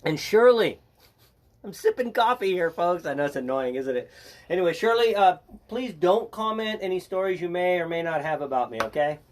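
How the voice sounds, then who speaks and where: A man's voice: sits high, lively intonation, normal speed. An older man hosting a casual live educational stream, chatty and joking as he greets viewers by name.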